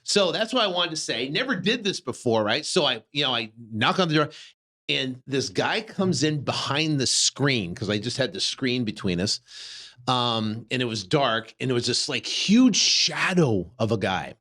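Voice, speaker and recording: A man in his fifties, a real estate investor and podcast host, telling a first-person story in a casual, animated way, full of fillers and restarts. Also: mid-range voice, normal speed. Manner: animated, many fillers and restarts, acts out his own reactions.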